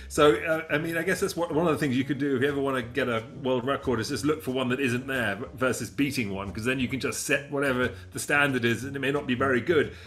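A man's voice: on the high side, fairly bright tone. A man co-hosting a casual show, chatting and rambling with fillers. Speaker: podcast co-host. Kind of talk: casual chat.

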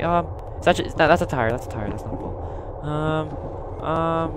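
A young man doing let's play commentary on a horror game, chattering nervously and breaking into loud, panicked yelps. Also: a little high, expressive, fairly quick, noisy background. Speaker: gaming YouTuber. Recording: game music loud behind the voice.

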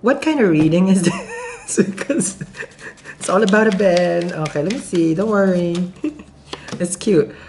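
A woman's voice: on the low side, expressive, a little slow, long pauses, darkish tone, a little hiss or hum. A woman with a non-native accent giving a casual tarot reading to camera, chatty and giggly, thinking aloud with many restarts. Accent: non-native English accent. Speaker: tarot reader.

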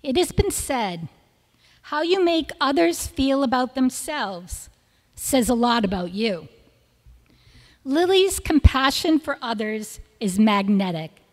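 A woman's voice: sits high, animated. Woman reading tributes in a reverberant hall. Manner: measured, list-like delivery of praise. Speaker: school speaker presenting seniors. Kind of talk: reading prepared tributes at a ceremony. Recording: long reverb of a large hall.

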